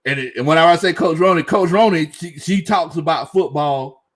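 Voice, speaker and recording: A man's voice: fairly high pitch, fairly quick, faint music behind. A young man hosts a casual sports live stream. He reads chat comments aloud, laughs often and talks in loose, slangy fashion.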